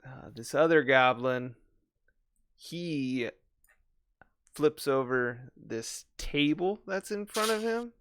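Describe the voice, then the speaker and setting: A man's voice: mid-range voice, animated, slow pace, pauses often, a bit bright, clean tone, no room sound. A man narrating as game master for a tabletop game, describing the action and clarifying the rules.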